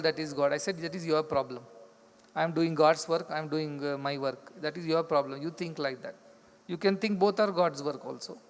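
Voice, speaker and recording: A man's voice: fairly high pitch, creaky. A man giving a spiritual discourse, explaining in simple repeated phrases and acting out the dialogue of his stories. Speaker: spiritual teacher. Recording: long hall reverb.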